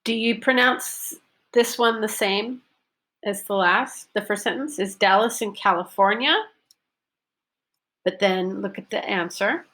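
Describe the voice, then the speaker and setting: A woman teaching a pronunciation lesson, modelling sentences and stressing focus words deliberately. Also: mid-range voice, fairly bright tone. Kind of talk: recorded online lesson.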